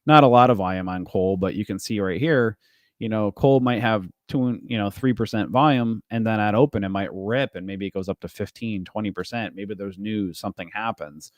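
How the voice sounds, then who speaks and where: A man's voice: on the low side, moderate pace, dry recording, studio quality. A man hosting a live day trading stream, explaining his charts casually with loose, rambling asides and fillers to his viewers.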